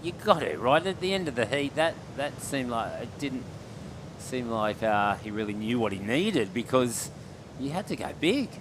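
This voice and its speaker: A man co-commentating a surf contest, chatty and jokey with bursts of excitement. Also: medium pitch, normal speed, noisy background. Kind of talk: live sports commentary.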